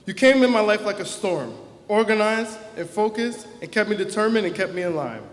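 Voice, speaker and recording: A young man with a high voice delivers an earnest, heartfelt graduation speech from the stage. His words ring out through a big hall with a long, echoing reverb. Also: expressive, a little fast. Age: young adult. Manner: earnest, heartfelt, emotional at times. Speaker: class president giving a graduation speech. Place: large hall or auditorium. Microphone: microphone on a stage.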